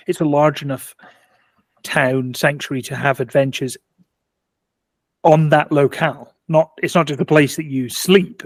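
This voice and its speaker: A man's voice: mid-range voice, no echo. A man on a casual tabletop gaming podcast, thinking aloud with restarts and easy laughter. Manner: thoughtful, restarts mid-sentence, laughs easily. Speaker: podcast panelist.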